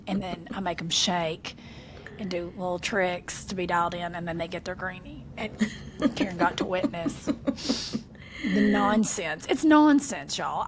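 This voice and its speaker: A woman chats as a podcast co-host, telling stories in an animated way and acting out what others said. Her voice sits in a middle register. A faint rumble runs under the recording. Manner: animated storyteller, acts out quotes, laughs often. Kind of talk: casual chat.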